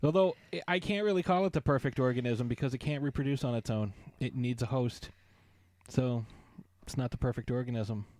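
A man's voice: mid-range voice, fairly quick, a little mellow. Playful man hosting a podcast. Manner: playful, riffing, jokey tangents. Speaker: podcast host. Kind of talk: casual chat.

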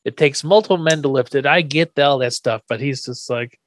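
A man's voice: mid-range voice, fairly quick. A man casually recapping a sitcom episode on a podcast, acting out the characters' lines as he goes. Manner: animated retelling, acting out quoted lines. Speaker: podcast host.

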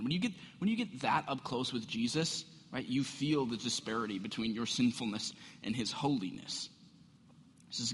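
A middle-aged man, a pastor, preaching a sermon with animated storytelling and acted-out voices in a church sanctuary. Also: medium pitch, normal speed, breathy edge. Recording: long hall reverb.

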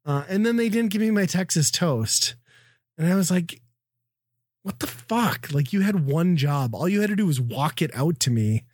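A man's voice: fairly high pitch, expressive, moderate pace, darkish tone, dry recording, studio quality. A middle-aged man from the Midwest telling a profane, exasperated story in casual chat. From American Midwest.

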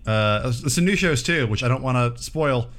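A man's voice: mid-range voice, expressive, moderate pace, a bit bright. A man co-hosting a podcast in casual chat, cracking jokes and laughing freely. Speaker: podcast co-host.

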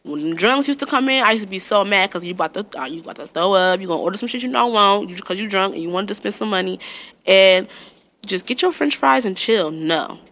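A young woman, telling funny stories in a loose, profane, animated way and laughing often. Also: medium pitch, fast. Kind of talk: casual storytelling chat.

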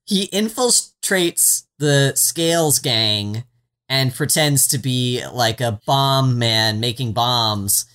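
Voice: mid-range voice, animated, slow, fairly bright tone, clear, resonant tone. A podcast co-host recapping a TV series in casual chat, rambling through asides with a wry, sarcastic edge and the odd swear word. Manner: rambling and self-interrupting, with frequent "like" and "um" asides.

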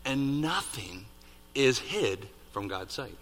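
A man preaching a sermon, building to loud peaks on key points and dropping to hushed asides. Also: medium pitch, moderate pace, pauses often. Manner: animated, rising to near-shouts on emphasis, dropping to hushed asides. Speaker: pastor. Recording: reverberant hall.

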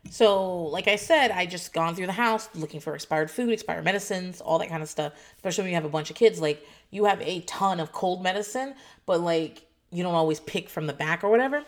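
Woman in her thirties, casual vlog storytelling, animated, swears a lot, acts out the other voices. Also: on the low side, fairly quick, few pauses. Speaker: foster parent telling a story.

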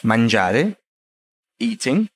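A man's voice: medium pitch, sing-song, extremely slow. A man whose first language is Italian, chatting casually and explaining patiently in slightly broken English. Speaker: business owner. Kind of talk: casual chat.

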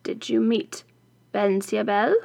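A woman voicing a furious, scheming witch who shrieks orders and hisses low threats, in a slow storybook reading. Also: little pitch movement, creaky, no echo. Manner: menacing, shifts between shrill shouts and low hissing threats.

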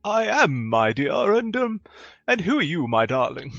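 A man voicing a haughty, fussy halfling noblewoman with a high, fluttery falsetto. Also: sing-song, measured pace, fairly bright tone, no echo, highs cut off, faint music behind, full character voice. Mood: gushing. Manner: gushing, flustered, affected.

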